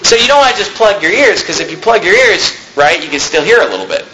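A man's voice: sits high, quick pace, a little hiss or hum, low-quality recording. A man preaching a sermon to his congregation, telling a personal story and asking the room questions. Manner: lively storytelling with audience questions. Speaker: pastor.

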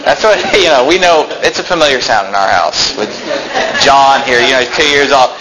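A man preaching a sermon, reading scripture aloud and breaking into loud, emphatic lines. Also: mid-range voice, lively intonation, normal speed, crowd noise, low-quality recording. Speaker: pastor.

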